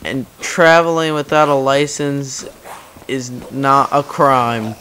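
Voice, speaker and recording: A man's voice: slow pace, slight background noise. A young man chatting casually over gameplay, telling stories in a rambling way and acting out the people in them. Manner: rambling storytelling, acts out quotes in loud high voices. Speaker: gaming commentator.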